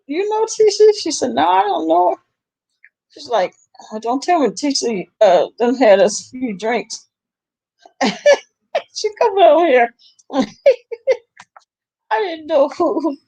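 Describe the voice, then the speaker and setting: A middle-aged woman chatting casually about online drama, animated and laughing often. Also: dry recording, low-quality recording. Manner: animated, laughing often, rising into high exclaims. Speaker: livestream commentator.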